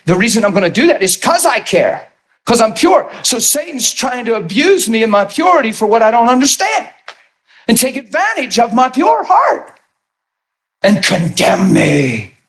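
A man preaching a sermon and telling his testimony in an animated storytelling manner, bursting into shouts at times. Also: very high voice, normal speed.

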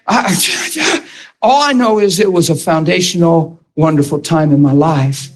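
A man preaching a sermon, telling a personal story with excited, emphatic delivery and frequent stammered restarts. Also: sits high, a little fast, low-quality recording.

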